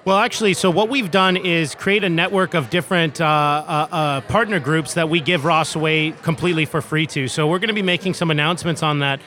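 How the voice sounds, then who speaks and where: A man's voice: on the high side, fairly even intonation, a little fast, few pauses, sharp tone. A man, a tech company co-founder, giving eager interview answers with lots of fillers and restarts, recorded outdoors in a city.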